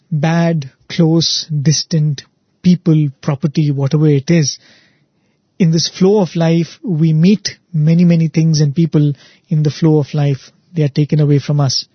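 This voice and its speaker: A man's voice: on the high side, fairly even intonation, moderate pace, slightly rough, no room sound, muffled recording. A man giving an earnest spiritual talk, telling a story and often asking "right?" for emphasis. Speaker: spiritual speaker, show host.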